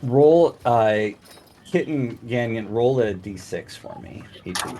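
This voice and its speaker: A man's voice: mid-range voice, lively intonation, slow pace, very noisy. A man narrating a tabletop game as game master, rambling with fillers and restarts. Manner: meandering, full of fillers.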